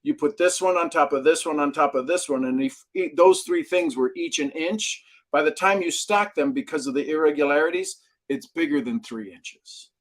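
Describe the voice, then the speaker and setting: A man's voice: on the high side, moderate pace, hardly any pauses. A middle-aged man speaking as an expert guest in an interview, telling stories with energy. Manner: animated storyteller who acts out quoted dialogue. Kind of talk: interview conversation.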